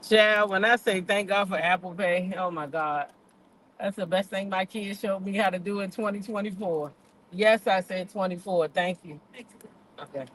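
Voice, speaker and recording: A woman's voice: medium pitch, normal speed, a bit bright, slight background noise. An older woman hosting a casual gossip livestream, chatty and blunt, swearing freely, repeating points for emphasis and talking straight to her viewers. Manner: talks directly to live chat viewers. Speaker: gossip show host.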